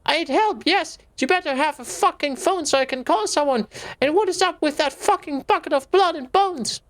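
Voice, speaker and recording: A man voicing a furious young woman stranded at a cemetery, reading game dialogue aloud in a shrill, cursing voice. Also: moderate pace, fairly bright tone. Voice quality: shrill and swearing.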